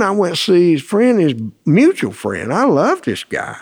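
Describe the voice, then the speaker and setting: Storyteller, high voice that swings wide, folksy, acts out the voices. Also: male voice, measured pace, hardly any pauses, breathy edge. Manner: animated, acts out quoted voices. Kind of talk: folksy spoken anecdote.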